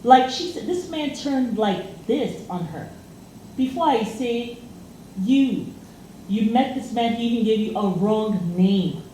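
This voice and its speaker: A woman's voice: on the high side, lively intonation, slow, dark tone. Chatty woman in an echoey room. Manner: chatty storytelling with many fillers. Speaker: co-host. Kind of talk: casual chat. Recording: echoey room, faint noise.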